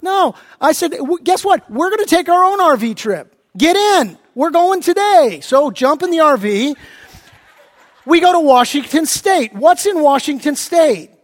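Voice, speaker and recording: A middle-aged man preaching a sermon as pastor, telling a family story with animated, acted-out voices. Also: very high-pitched, measured pace, big-room sound. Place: church sanctuary.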